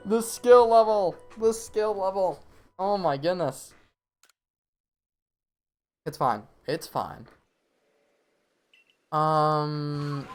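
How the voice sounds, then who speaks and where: A man commentating his own live gameplay stream, talking to himself and the game with quick reactions. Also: high-pitched, expressive, soft background music.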